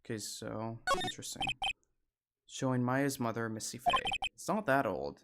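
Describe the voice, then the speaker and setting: A woman's voice: rumbling low, big pitch swings, normal speed, very noisy. A woman giving casual, musing commentary while playing a video game. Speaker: let's player. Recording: loud game music behind.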